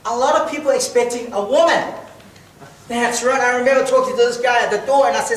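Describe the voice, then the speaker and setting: Man doing a funny speech, high voice, deadpan, super echoey from far off, loud noise. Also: fast talker. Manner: comic storytelling, deadpan delivery. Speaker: speech contestant. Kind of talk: humorous speech. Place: large hall with audience.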